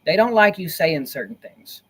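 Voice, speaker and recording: A man on a casual livestream, speaking into his laptop from a cozy, dim corner of his room. His voice sits a little high, and he rambles and circles back over his points. He sounds earnest and conspiratorial. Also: sing-song, normal speed, husky. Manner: rambling, repeats himself. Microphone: laptop built-in mic.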